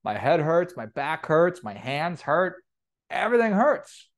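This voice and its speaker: A man's voice: fairly high pitch, sing-song, a little slow, pitched above the performer's own voice. A man voicing a grumpy, aching male stone cutter who gripes angrily in a slightly raised voice in a spoken parable. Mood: angry. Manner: angry, griping.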